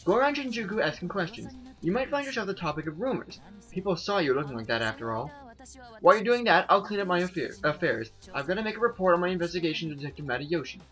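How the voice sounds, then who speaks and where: A man reading the lines of a calm, businesslike woman boss from a game in a flat, steady voice. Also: high voice, fast, faint music behind. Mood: matter-of-fact. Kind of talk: reading game dialogue aloud.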